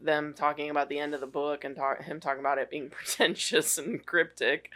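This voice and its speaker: A man's voice: fairly high pitch, steady tone, fairly quick, bright, forceful tone. A man co-hosting a movie podcast, talking casually and reflectively with frequent fillers. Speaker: podcast co-host.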